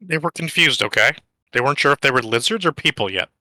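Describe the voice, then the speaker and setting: Bright-voiced man swearing in banter. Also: mid-range voice, expressive, fast talker, no echo. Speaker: player. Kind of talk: casual tabletop game chat.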